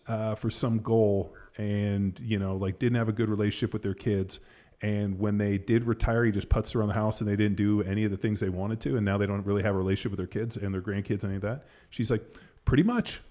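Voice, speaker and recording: Rambling low-voiced male podcast host. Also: level tone, brisk, mellow. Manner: rambling storytelling, heavy fillers and swearing. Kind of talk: casual chat.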